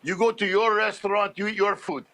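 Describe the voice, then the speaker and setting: A man puts on a gruff older diner-owner dad who barks orders at customers in a high, bright voice. He scolds bluntly and wants them out of his restaurant. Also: steady tone, a little fast. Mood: scolding.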